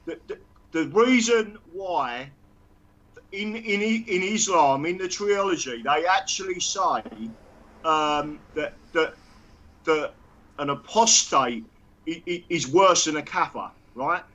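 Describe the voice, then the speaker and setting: A man's voice: a little high, takes it slowly, sharp tone, poor audio. A man talking heatedly on a live stream, stammering and repeating himself.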